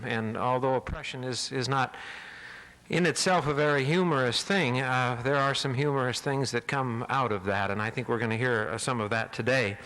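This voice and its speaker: A man's voice: medium pitch, sharp tone, big-room sound, poor audio. Hesitant man introducing a speaker. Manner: hesitant, with many fillers. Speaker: event host introducing speaker. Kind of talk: formal introduction. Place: college lecture hall.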